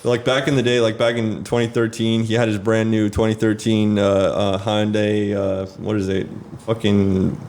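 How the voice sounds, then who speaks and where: A man's voice: fairly low pitch, little pitch movement, normal speed, darkish tone. A man telling a rambling story on a casual podcast, cursing and using lots of fillers. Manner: rambling, swears a lot, many fillers. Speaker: podcast host.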